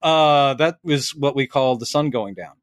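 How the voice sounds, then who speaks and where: A man co-hosting a podcast in casual chat, an animated storyteller who acts out the voices of people he quotes. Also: mid-range voice, a little slow, dry recording, studio quality. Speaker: podcast co-host.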